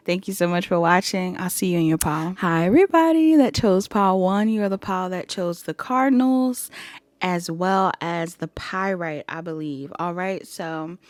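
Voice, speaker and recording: A woman's voice: on the low side, no room sound. A woman doing a casual pick-a-card tarot reading to her viewers, chatty and giggly, calling them y'all. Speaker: tarot reader.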